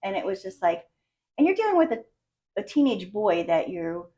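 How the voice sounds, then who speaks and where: A woman's voice: medium pitch, big pitch swings, moderate pace, warm tone, low-quality recording. A middle-aged woman, a guest on a podcast, telling her personal story in a casual, emotional and rambling way. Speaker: patient guest.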